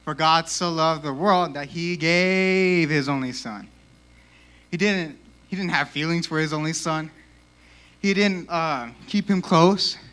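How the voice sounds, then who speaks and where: A young man giving a casual, animated youth sermon in a church, peppered with "like," and a little out of breath. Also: a little high. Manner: casual, animated, lots of 'like'. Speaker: youth speaker.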